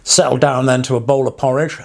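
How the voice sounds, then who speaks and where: Wry rambling English parson. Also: male voice, medium pitch, little pitch movement, fairly quick, creaky. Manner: wry, digressive, chuckling asides. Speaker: parson and vlogger. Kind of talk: casual rambling vlog monologue.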